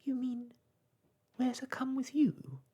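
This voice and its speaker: A man's voice: extremely high pitch, slow pace, breathy edge, voice pushed up, heavily acted. A man whispering as an eager little girl. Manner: excited, wondering. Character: eager young girl, older sister. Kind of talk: whispered role-play.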